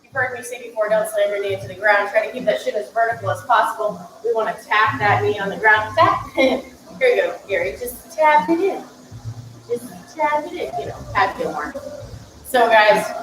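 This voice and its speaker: A woman's voice: mid-range voice, expressive, brisk, a bit bright, slight background noise, rough recording. A woman fitness coach giving chatty, upbeat instructions during a live-streamed workout, laughing now and then between cues.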